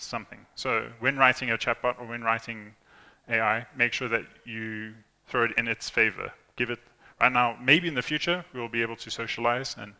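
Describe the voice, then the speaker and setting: A man's voice: medium pitch, gravelly, bright, forceful tone. Chatty young man talking in a reverberant hall. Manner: chatty, many fillers and restarts, acts out quoted lines. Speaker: conference speaker. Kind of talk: informal tech talk to an audience.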